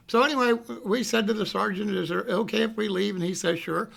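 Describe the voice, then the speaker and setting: Gravelly high-voiced man telling a story. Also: steady tone, fairly quick. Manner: rambling, repeats "you know what I mean", acts out quotes loudly. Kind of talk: casual anecdote telling.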